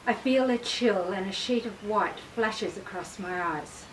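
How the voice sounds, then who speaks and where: Woman author, measured expressive reader; recorded set back from the mic. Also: medium pitch. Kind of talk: reading aloud from her own memoir. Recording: distant mic with faint background noise.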